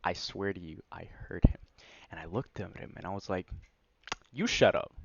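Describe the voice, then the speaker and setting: A man telling a personal story on his vlog in a casual, rambling way, full of "like" and "you know", excited as he recounts it. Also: deep voice, a little fast, vocal fry, no room sound. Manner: excited, animated retelling. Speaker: vlogger. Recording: dry, slightly dull lo-fi recording.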